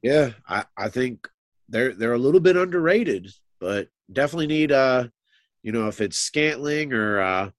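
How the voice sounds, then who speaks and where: A man's voice: mid-range voice, animated, normal speed, no echo, studio quality. A man co-hosting a casual sports talk show, musing and thinking aloud with frequent restarts.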